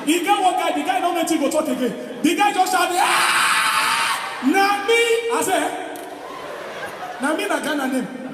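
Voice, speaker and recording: A man with a Nigerian accent doing live stand-up, telling stories in Pidgin with loud, animated delivery and shouted punchlines. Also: very high voice, moderate pace, long pauses. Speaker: stand-up comedian. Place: large hall with live audience. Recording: echoey hall recording from far off, crowd noise.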